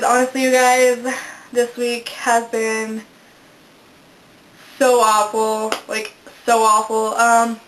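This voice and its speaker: Young woman chatting to her camera, kinda high voice, giggles a lot and laughs at herself, room's a bit echoey. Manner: chatty, giggly, self-deprecating. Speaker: vlogger. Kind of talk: casual chat. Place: indoors, a room in a house. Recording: echoey room.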